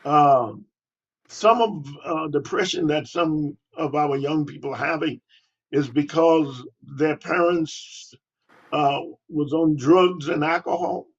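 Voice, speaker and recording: An older man, a pastor, answering interview questions in a halting way with many pauses and fillers, on a dull lo-fi recording. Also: fairly high pitch.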